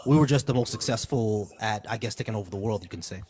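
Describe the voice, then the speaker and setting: A man's voice: lowish voice, quick pace, slight background noise. Laid-back male live-stream debate host. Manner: relaxed, chatty, many fillers and restarts.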